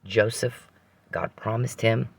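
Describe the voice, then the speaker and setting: A man's voice: lowish voice, fairly even intonation, slow, vocal fry, slightly rough. A man hosting a podcast, telling a rambling personal story with frequent restarts and religious reflection.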